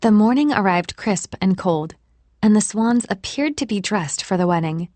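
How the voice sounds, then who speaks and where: Gentle female audiobook narrator, mid-pitched, dry studio sound. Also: expressive, moderate pace, dry recording. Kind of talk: scripted narration.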